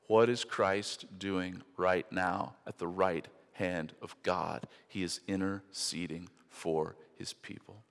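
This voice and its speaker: A man with a low-pitched voice delivers a sermon from the pulpit. His voice rings out in the long reverb of a large church hall. He alternates between quiet, intimate passages and loud, driving emphasis. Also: fairly even intonation, slow pace, vocal fry, few pauses. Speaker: pastor.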